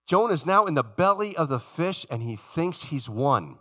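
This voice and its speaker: A man preaching a sermon in church, animated and emphatic, acting out the voices of the story he retells. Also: fairly high pitch, moderate pace, hardly any pauses. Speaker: pastor. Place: church sanctuary.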